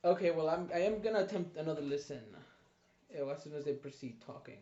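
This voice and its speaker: A man's voice: a little high, quick pace, warm tone. Young man playing a tabletop game, echoey room. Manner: joking, crude, drawled in-character lines. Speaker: player. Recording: dull echoey room recording.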